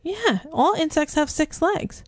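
A woman's voice: extremely high pitch, expressive, a little slow, dry recording. Playful woman podcast co-host, dry mic. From United States. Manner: playful, teasing, laughs often. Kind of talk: casual chat, movie review podcast.

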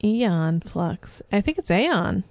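A woman's voice: medium pitch, very animated, slow, darkish tone, no room sound. A woman co-hosting a movie review podcast in casual, teasing chat. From United States. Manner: playful, teasing, laughs often. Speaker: podcast co-host.

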